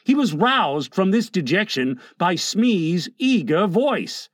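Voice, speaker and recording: A man narrating a storybook in an expressive, dramatic reading. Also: high voice, slow, no room sound, clean studio sound. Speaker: audiobook narrator.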